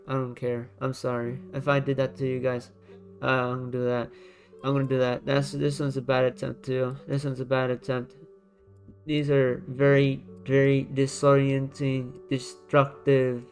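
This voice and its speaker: A man with a smooth, medium-pitched voice offers casual screen-recorded commentary as a YouTuber ranking designs. Blunt and repetitive, he thinks aloud while dragging items, keeping his volume low so his desk microphone won't overload.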